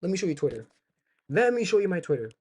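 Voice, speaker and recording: Young male streamer, swearing reaction commentary, warm low timbre, loops phrases. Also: big pitch swings, fast talker, husky. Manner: ranting, profane, repeats himself.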